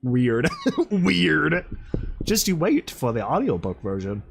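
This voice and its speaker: A high-voiced man reads a story aloud and breaks off to comment on it. He laughs often and cries out in mock dismay at what he is reading. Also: big pitch swings, slow, creaky, noisy background. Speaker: reader and commentator. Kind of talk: fan fiction reading with commentary.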